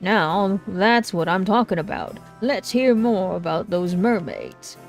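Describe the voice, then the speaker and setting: A woman voicing a flamboyant, grandiose male fantasy author, reading his lines in a loud, theatrical, pompous way. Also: medium pitch, big pitch swings, unhurried, creaky, faint music behind. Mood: eager.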